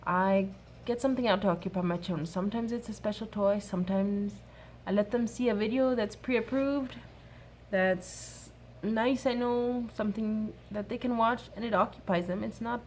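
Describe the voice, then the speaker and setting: Casting note: woman in her thirties, mid pitch, sincere and soft-spoken, faint hiss behind her. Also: normal speed. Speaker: mom sharing a workshop talk. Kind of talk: gentle faith-based advice talk.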